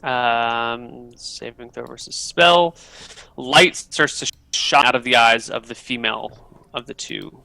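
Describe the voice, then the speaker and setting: A man's voice: mid-range voice, slow pace, vocal fry, sharp tone, low-quality recording. A man narrating as dungeon master, patiently explaining rules step by step. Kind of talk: narrating a tabletop game.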